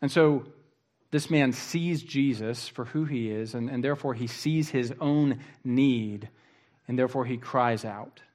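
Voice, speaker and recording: A man delivers a sermon at a middle pitch, earnest and reflective. He pauses and restarts phrases as he thinks aloud. His voice sinks to a hush when he quotes a line. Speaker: pastor.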